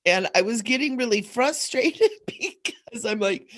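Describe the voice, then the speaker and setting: A woman's voice: on the high side, lively intonation, a little slow, fairly bright tone. A middle-aged woman hosting a casual spiritual livestream talk, rambling and laughing as she goes, a little sleepy and groggy. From Southern California. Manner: rambling, laughs often, frequent fillers. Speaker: host.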